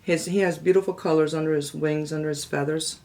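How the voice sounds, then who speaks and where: A middle-aged woman hosting a casual home cooking vlog, chatting to viewers and cooing at her parrot in a high sweet voice. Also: fairly even intonation, fairly quick, background noise. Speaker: cooking channel host. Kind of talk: casual chat to camera.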